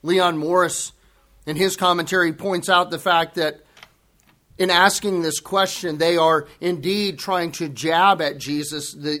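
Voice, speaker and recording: A man's voice: a little high, steady tone, unhurried, sharp tone. A man preaching a sermon, earnest and emphatic, repeating key words for weight.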